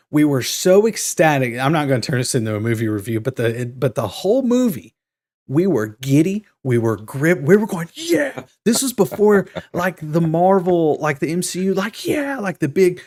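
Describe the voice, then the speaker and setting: Excitable man telling a story. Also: medium pitch. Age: 30s. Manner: excited storytelling, acts out quotes. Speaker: podcast co-host. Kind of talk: casual chat.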